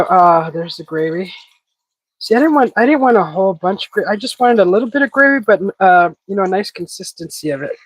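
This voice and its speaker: This recording is dry and low quality, capturing the woman's lowish, husky voice. She's the sniffly, congested host of a casual cooking stream, chatting with viewers and reading their comments aloud as she cooks.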